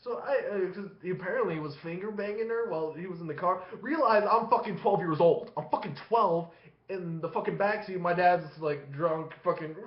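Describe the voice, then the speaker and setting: Speaking into a webcam facing him, a vlogger with a high-pitched voice talks fairly quickly, rambling through a long, profane story and laughing between phrases. The room is echoey and the lo-fi sound is dull.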